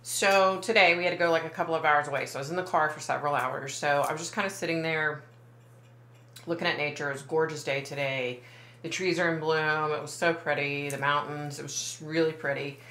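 A woman's voice: low-pitched, steady tone, fairly quick, sharp tone, echoey room, a little hiss or hum. A woman working as a psychic medium, talking to camera in a casual, rambling way, often backing up and correcting herself. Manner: rambling, self-correcting, many fillers.

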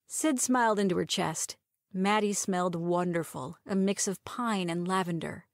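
A woman reading a romantic short story aloud as narrator, in a measured storytelling manner. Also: fairly low pitch, gravelly, dry recording, clean studio sound. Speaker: audiobook reader.

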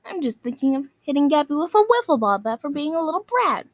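A woman's voice: high voice, very animated, fast talker, no room sound. A woman delivering an angry, scolding rant at other video makers, insulting them and circling back to the same phrases. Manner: scolding, insulting, repeats itself.

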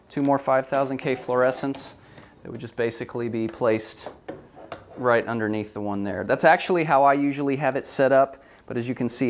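A man giving a hands-on product photography tutorial, talking through each step casually and correcting himself as he goes. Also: medium pitch. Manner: relaxed, thinking aloud with frequent ums and self-corrections.

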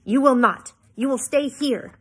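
A woman reading as a gruff stern old-time father. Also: mid-range voice, animated, brisk. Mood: scolding.

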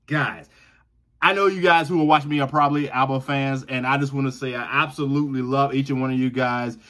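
A man's voice: medium pitch, fairly even intonation, a little fast, fairly bright tone. A man from the American South with a Southern accent, chatting enthusiastically to his viewers as a reaction video host, repeating himself and laughing often. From Southern United States. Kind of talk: casual direct-to-camera chat.

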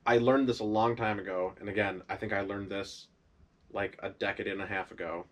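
Easygoing low-voiced podcast man. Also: fairly even intonation, brisk, a little hiss or hum. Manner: easygoing, explains words, chuckles. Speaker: podcast co-host. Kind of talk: casual chat.

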